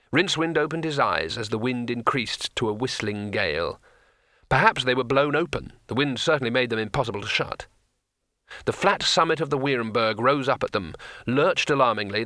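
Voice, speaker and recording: A man narrating a comic fantasy audiobook with expressive, crisp storytelling. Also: mid-range voice, dry recording, clean studio sound. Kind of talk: audiobook reading.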